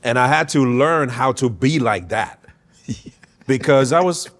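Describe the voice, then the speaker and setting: Animated guest who grew up in Germany. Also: male voice, mid-range voice, measured pace. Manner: emphatic, animated storyteller who laughs often. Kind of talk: casual interview conversation.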